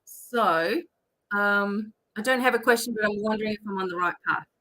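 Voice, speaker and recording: A woman's voice: medium pitch, moderate pace, pushed and bright. A woman hosting a live-stream psychic reading, chatty and instructive, with many fillers. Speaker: psychic reader.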